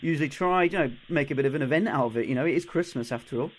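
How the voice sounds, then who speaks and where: A man's voice: a little high, rapid-fire. A man hosting a radio show, chatting in an upbeat way with plenty of fillers.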